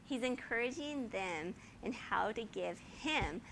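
Bright, chatty woman teaching scripture. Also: on the high side, lively intonation, slow pace, a little hiss or hum. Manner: chatty, checks in with 'right?', laughs often. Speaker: Bible teacher. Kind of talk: casual Bible teaching to a group.

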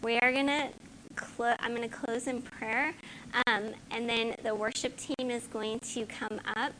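Woman speaker, middle-aged, bright and earnest, sharing faith stories with light room noise behind. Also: a little high, fairly even intonation, measured pace, rough recording. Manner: earnest, personal, with fillers and a softly read hymn. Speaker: women's ministry speaker. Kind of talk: devotional talk to a church gathering.

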